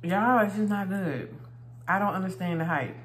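A woman's voice: medium pitch, normal speed, echoey room, a little hiss or hum. A married woman chatting casually while eating for a mukbang video, laughing often and recording on her phone indoors. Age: adult, married. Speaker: vlogger.

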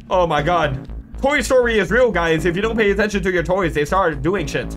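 Young gaming host, jokey and foul-mouthed, lively delivery with a fairly high voice. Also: male voice, brisk, faint music behind. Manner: excitable, swearing, jokey, shrieks when startled. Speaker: gaming YouTuber. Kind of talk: horror game commentary.

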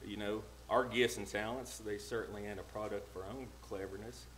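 A man's voice: fairly low pitch, steady tone, background noise. Folksy preacher man. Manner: plain-spoken and homespun, reads King James verses slowly. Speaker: lay preacher. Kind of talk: folksy sermon with scripture reading. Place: church sanctuary.

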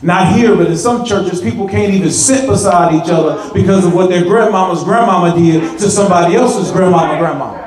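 A pastor preaching a sermon in a church, animated, repeating words and building to emphatic, rising peaks. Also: male voice, sits high, fairly quick, few pauses, crowd noise. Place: church sanctuary. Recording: echoey church sanctuary.

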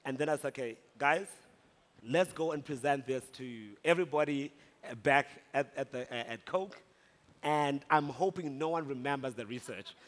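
A man from South Africa giving a humorous, animated conference talk. He tells a story and rises into shouts at the punch lines. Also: medium pitch, moderate pace. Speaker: speaker at a conference. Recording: long hall reverb.

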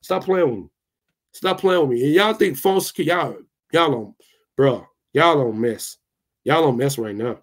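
A young man with a fairly high voice vents at his viewers in a loose, heated rant. He hammers the same lines again and again and swears without a second thought. He stops now and then to answer his live chat. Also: expressive, moderate pace. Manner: fired up, repetitive, swears freely. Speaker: tech channel host.

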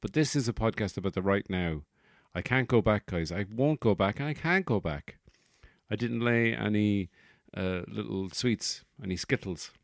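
A man's voice: lowish voice, lively intonation, moderate pace, creaky, no room sound, studio quality. A man hosting his own podcast, rambling through a comic monologue, correcting himself as he goes and swearing freely. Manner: digressive, self-correcting, sweary. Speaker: podcast host.

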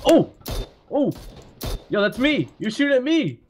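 A young man chatting casually while gaming, relaxed but quick to swear. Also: extremely high pitch, slight background noise. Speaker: gamer.

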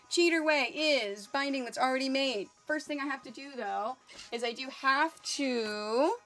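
A young adult woman hosting a casual live quilting tutorial, chatty and quick, thinking aloud as she works. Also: high voice, fairly bright tone. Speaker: quilting livestream host.

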